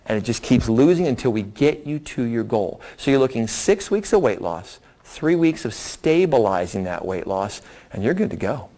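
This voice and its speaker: A man's voice: mid-range voice, normal speed. Folksy man explaining at a seminar. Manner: lively, folksy explanations with acted-out quotes. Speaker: doctor presenting a weight loss program. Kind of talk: seminar talk answering audience questions.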